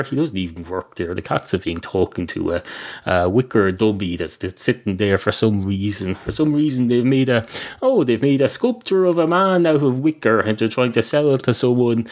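A man telling a rambling improvised comic story on a podcast, deadpan and digressive with many fillers. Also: lowish voice, moderate pace.

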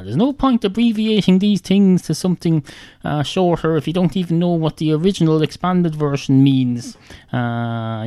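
A man giving a rambling comic monologue, deadpan and halting, with many "uh" fillers. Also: on the high side, dry recording. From Ireland.

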